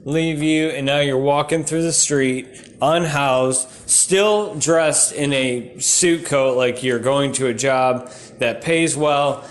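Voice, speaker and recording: A man doing stand-up comedy, rambling from bit to bit and breaking into shouty rants. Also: mid-range voice, fairly even intonation, slow pace.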